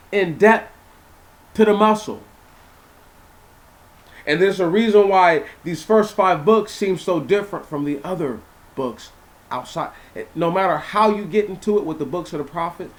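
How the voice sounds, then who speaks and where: A young man reading scripture aloud and breaking off to explain it casually, repeating himself and asking listeners questions. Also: sits high. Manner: animated, repeats words, asks listeners questions. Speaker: Bible teacher. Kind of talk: informal Bible reading and commentary.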